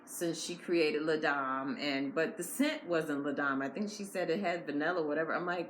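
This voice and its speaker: Blunt low-voiced woman recapping a show. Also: normal speed, hardly any pauses. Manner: blunt, opinionated and critical. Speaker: reality show recap host. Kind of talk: casual episode recap commentary. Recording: echoey room with faint noise.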